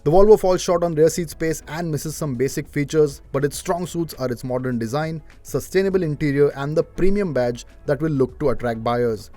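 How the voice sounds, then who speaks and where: A man talks through a car review, calm and informative. His voice sits a little on the high side, and soft music plays underneath. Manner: measured, informative, matter-of-fact.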